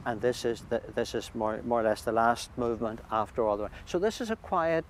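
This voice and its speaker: Male priest, interviewed outside by a lake, thoughtful and halting, faint background noise. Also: medium pitch. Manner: thoughtful, halting, with many restarts and fillers. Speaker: priest hosting pilgrims. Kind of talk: conversational interview. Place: outdoors at a lake shore.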